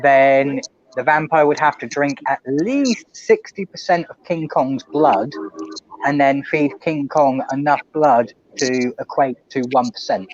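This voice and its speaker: A man's voice: mid-range voice, measured pace, no echo, dull audio. A man co-hosting a casual movie watch-along, explaining silly theories in a mock-serious way. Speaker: podcast co-host.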